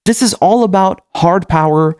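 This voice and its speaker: Angry political commentator guy, cussing and yelling questions, bone-dry mic. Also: sits high, moderate pace, clean tone, no room sound. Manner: furious, profane, shouting questions.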